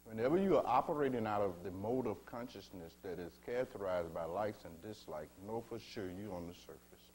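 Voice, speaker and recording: A man giving a spiritual teaching talk, slow and measured, asking his listeners rhetorical questions and calling them beloved. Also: lowish voice, animated, darkish tone, slight background noise.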